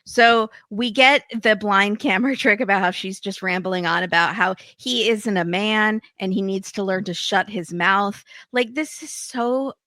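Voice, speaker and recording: A woman hosts a casual podcast chat with a bright, forward voice. She recaps lively, acting out quotes and laughing as she goes. The sound is dry and close. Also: mid-range voice, a little slow, few pauses, no room sound. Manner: animated, quotes people, laughs often. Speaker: podcast host.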